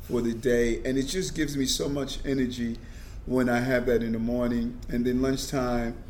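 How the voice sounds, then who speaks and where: A middle-aged man speaks earnestly as an interview guest, often repeating a word as he gets a sentence going. His pitch sits at an ordinary level for a man. A faint hiss runs under the recording. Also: flat delivery, normal speed, a little mellow. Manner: earnest, repeats words when starting sentences. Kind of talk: casual conversation.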